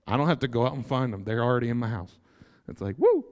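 A young man preaching a sermon, animated and joking, breaking into excited shouts. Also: medium pitch, fast. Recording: long hall reverb.

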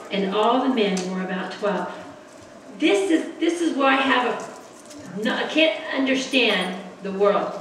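Woman, somewhat high voice, informal impassioned Sunday school preaching, roomy distant church sound. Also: slight background noise. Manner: emphatic, repetitive, impassioned. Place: church sanctuary. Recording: echoey church recording from far off, congregation audible.

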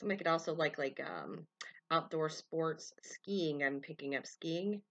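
A tarot reader with a deep voice speaks at a normal pace, and the recording sounds lo-fi. She gives a collective love reading to her viewers, wandering from point to point, naming names and initials as they come to her and filling the gaps with "you know" and "um."

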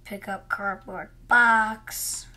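A woman's voice: mid-range voice, steady tone, very slow, pushed and bright. A young woman narrating a cooking game as she plays, muttering her actions to herself and chatting to viewers now and then. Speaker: gamer. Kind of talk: gameplay commentary.

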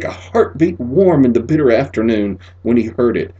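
A man narrating a literary short story as an audiobook, measured and expressive, sinking to a near whisper in the sad passages. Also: medium pitch. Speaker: audiobook reader.

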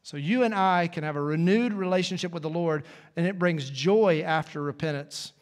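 A man's voice: on the high side, moderate pace. Man preaching with church reverb. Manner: conversational preaching, folksy asides. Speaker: pastor. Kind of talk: sermon. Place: church sanctuary.

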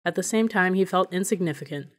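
A woman narrates a novel as an audiobook reader. Her voice sits on the low side, and she keeps a steady, even pace as she tells the story. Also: quick pace. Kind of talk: scripted narration.

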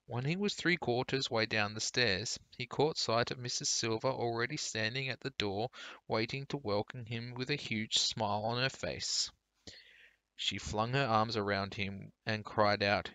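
A man teacher reading a children's storybook aloud for pupils in a clear, steady storytelling way. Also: mid-range voice, a little slow, dry recording.

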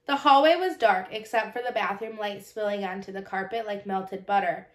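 A woman reading a children's novel aloud in calm, even first-person storybook narration. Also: mid-range voice, normal speed, few pauses. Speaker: audiobook narrator. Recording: roomy echo.

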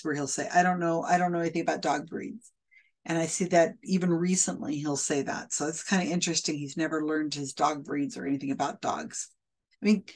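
A woman with a somewhat low voice talks through recorded readings in casual, skeptical commentary. She speaks conversationally, full of fillers and quick restarts. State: hiccups. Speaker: commentator reviewing a psychic's readings.

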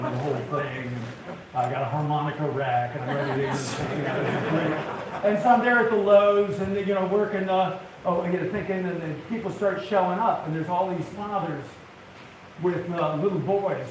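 Folksy older man. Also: a little high. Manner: folksy storyteller, gets worked up, jokes with crowd. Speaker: woodworking TV host giving a talk. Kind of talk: humorous live talk to an audience. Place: large event hall, live audience. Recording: echoey hall, distant mic, audience noise.

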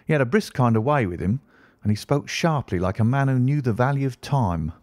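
A man narrating an audiobook in an expressive first-person storytelling manner. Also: medium pitch, fairly quick, no room sound, studio quality.

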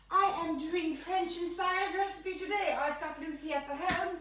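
A woman's voice: extremely high pitch, steady tone, normal speed, hardly any pauses, bright, forceful tone, very echoey. A woman hosting a live baking demonstration in her home kitchen, chatty, playful and theatrical.

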